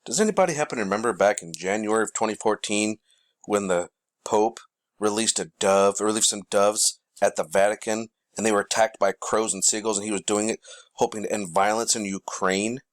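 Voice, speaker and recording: A man's voice: on the low side, brisk, dry recording. Guy ranting loosely to his viewers, calls em folks, dry close sound. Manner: rambling, animated, addresses viewers as folks. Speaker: commentary show host. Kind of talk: casual conspiracy commentary.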